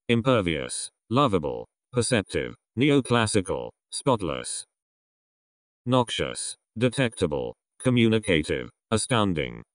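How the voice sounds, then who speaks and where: A man with a low, deep voice reads English vocabulary aloud one word after another. His intonation swings widely, and he lets his pitch fall at the close of each group of words. The sound is dry and close, with no room echo. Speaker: vocabulary list reader. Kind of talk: reading a word list aloud.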